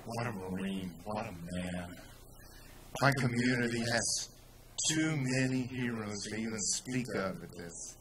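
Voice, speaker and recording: A man with a Texan accent telling a story in a speech to a crowd, rising to loud, emphatic peaks. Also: on the low side, measured pace, very noisy. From Texas. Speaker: speaker at a rally.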